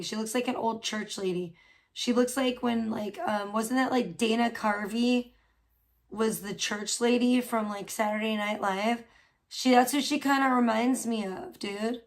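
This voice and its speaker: A woman livestreaming from home in casual chat, gossiping and swearing freely while scolding her pet cat. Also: fairly high pitch. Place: at home indoors.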